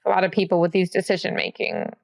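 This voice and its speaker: Young woman sports reporter, wry and relaxed, voice with lots of vocal fry. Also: on the low side, fast. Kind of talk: casual sports chat.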